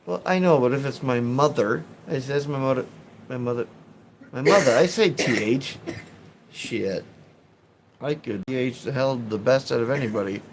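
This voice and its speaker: A man's voice: mid-range voice, a little hiss or hum. A man with a Chicago accent, chatting casually on a live stream and reading comments in a rambling, profane way with frequent laughs. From Chicago, USA.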